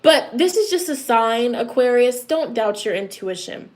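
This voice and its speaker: A woman's voice: fairly high pitch, lively intonation, a little slow, a little mellow. A woman doing a live tarot reading, playful and goofy, chatting loosely with lots of "you know" fillers. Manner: playful, goofy, with laughs and exclamations. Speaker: tarot reader.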